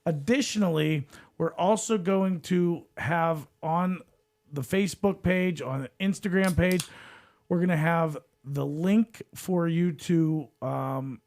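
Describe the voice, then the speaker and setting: Slightly high-voiced joking male podcast host. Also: takes it slowly, darkish tone. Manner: joking, rambling, puts on goofy voices. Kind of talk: casual chat.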